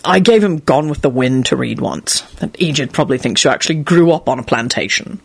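A woman's voice: a bass voice, animated, a little fast, gravelly, slightly rough, no room sound, pitched below the performer's own voice, heavily acted. A woman voicing a grave, impassive man who speaks dryly, in an audiobook.

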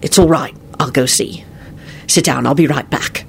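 Reader playing a soft-spoken, firm werewolf man with a gravelly rasp. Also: mid-range voice, normal speed, slight background noise, natural voice. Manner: quiet, firm, hoarse at times. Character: weary grown man, a werewolf, steady under strain.

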